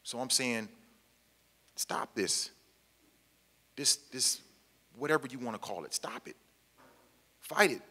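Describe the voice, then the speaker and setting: Here the same kind of speaker, a man from the Pacific Northwest who served time, talks slowly in a mid-range voice, pausing often, with a pushed, bright delivery. He addresses a meeting-hall audience emphatically, repeating key lines in plain, colloquial words, and the hall adds long reverb.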